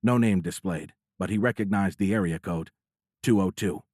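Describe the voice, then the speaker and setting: A man narrating a military science fiction audiobook in a steady, measured storytelling voice. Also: sits low, dry recording, studio quality.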